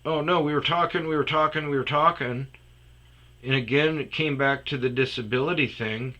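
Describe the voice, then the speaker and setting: A man's voice: a little high, normal speed, bright, forceful tone. A man telling a rambling comedic story about a phone call, often dropping into muttered asides. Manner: rambling, restarts, drops to muttered whispers.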